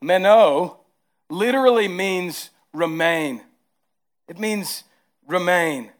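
Speaking with a Southern accent, a male pastor delivers a sermon in a voice that leans high and at a measured pace. Quiet, tender moments give way to emphatic rises and back again.

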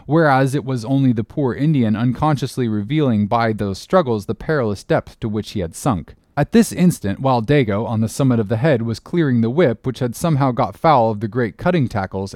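A man narrating an audiobook in a steady, expressive reading voice. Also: medium pitch, no room sound, studio quality. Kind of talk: scripted narration.

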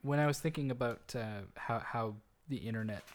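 Dude rambling thru a story on a podcast, normal pitch, lots of restarts. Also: male voice, a little fast, a little hiss or hum. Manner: rambling, frequent restarts and fillers. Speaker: podcast co-host telling a story. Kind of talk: casual storytelling chat.

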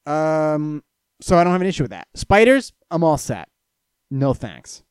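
A young man from Florida rambles through stories and chat questions, cursing freely. His pitch swings widely as he gets worked up, and the sound is dry and close with no room echo. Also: a little slow, clean tone. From Florida, USA. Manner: profane, storytelling, lively swings in pitch and loudness. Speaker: streamer answering chat questions.

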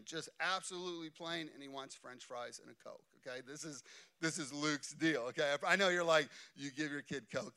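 A man in his thirties preaching a sermon, telling chatty family stories and often checking in with "okay?". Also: high-pitched. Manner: animated, chatty, keeps asking "okay?". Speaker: pastor.

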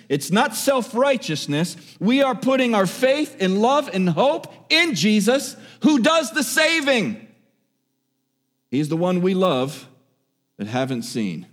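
A man preaching in a voice a little higher than most men's. He repeats key phrases for emphasis, rising to strong exhortation and then dropping to hushed, quiet lines. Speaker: pastor. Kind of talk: sermon.

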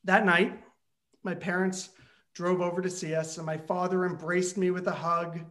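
A man telling a comic personal story, animated, building tension and bursting into shouted lines. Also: high-pitched, moderate pace.

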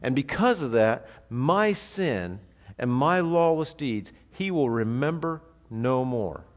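A pastor teaching a sermon in a conversational, animated way, asking the congregation rhetorical questions. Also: male voice, mid-range voice, slow pace, big-room sound.

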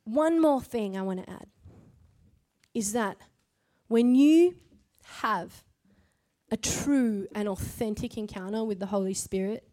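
A woman preaching a sermon at a church service, emphatic and rhetorical, punctuating her points with quick checks to the crowd. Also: mid-range voice, warm tone.

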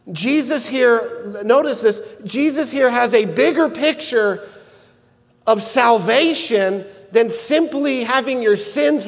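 A man preaching a sermon, earnest and measured, building to emphatic shouts at key points. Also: extremely high pitch, big-room sound. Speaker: pastor.

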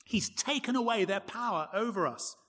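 A man preaching a sermon from the pulpit with emphatic, expressive delivery. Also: high voice, normal speed. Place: church. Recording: long church reverb.

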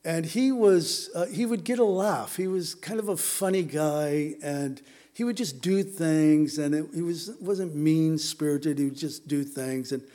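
Man, middle-aged, slightly high voice, casual sermon, storytelling, from Southern California. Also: a little slow, warm tone. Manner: conversational, storytelling, many fillers. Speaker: pastor. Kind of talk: sermon with personal stories.

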